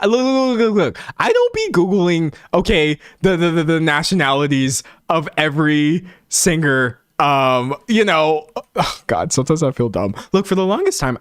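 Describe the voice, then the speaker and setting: A man riffing through a live stream, reading chat and doubling back on his own sentences with self-mocking asides. His voice sits in an ordinary middle pitch, and the sound is dry and close with no room around it. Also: dry recording. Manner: animated and rambling, self-mocking, many restarts.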